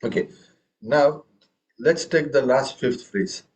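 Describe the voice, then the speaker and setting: A man's voice: medium pitch, slow pace, darkish tone. A man teaching a tabla class. He talks patiently, often checking with "okay" and "right?", and chants rhythm syllables aloud for the students. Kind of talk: classroom music lesson. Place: room with students.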